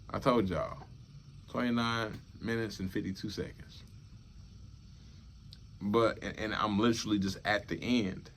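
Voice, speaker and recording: A young man talking to his viewers in a loose, repetitive monologue, murmuring low and then bursting out loud to make a point. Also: a little hiss or hum. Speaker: vlogger. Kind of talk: casual rambling monologue.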